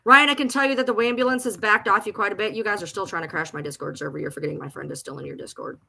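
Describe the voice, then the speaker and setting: A woman's voice: medium pitch, racing, gravelly, sharp tone. Agitated woman ranting on a livestream. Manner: agitated, profane, repetitive. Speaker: TikTok creator. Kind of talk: livestream rant. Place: at home.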